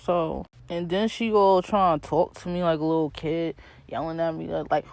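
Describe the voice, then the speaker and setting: A woman in her twenties with a New York accent, hosting her podcast and telling a story in a slangy, animated way, speaking straight to her listeners. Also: deep voice, moderate pace, gravelly, no room sound. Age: 20s. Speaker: podcast host. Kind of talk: casual storytelling rant.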